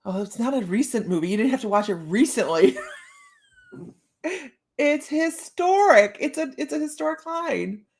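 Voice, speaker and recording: A woman's voice: a little high, expressive, moderate pace. A woman in her fifties, a psychic reader hosting a live stream, chatting casually with her viewers, laughing often and playfully talking straight to them. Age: 50s.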